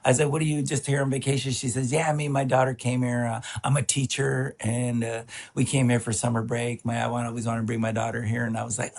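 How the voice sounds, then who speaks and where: A man with a gravelly, raspy voice tells a rambling story on a podcast. He talks casually and keeps it lively, often cracking himself up along the way. His pitch sits in a middle range. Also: fast talker, hardly any pauses. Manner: animated storyteller who breaks into laughter. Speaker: podcast co-host.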